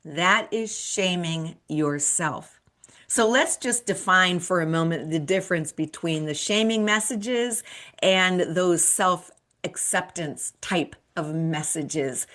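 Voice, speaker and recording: A woman in her fifties, a midlife coach and show host, gives a solo motivational talk, earnest and encouraging, throwing rhetorical questions at the listener. Her voice is lowish and a bit bright, with lively intonation and a slow pace.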